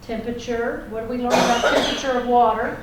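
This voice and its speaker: A woman's voice: fairly high pitch, steady tone, fast talker, very noisy. A woman teacher giving a classroom lecture, folksy and chatty, checking in with the class. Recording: echoey classroom from far off.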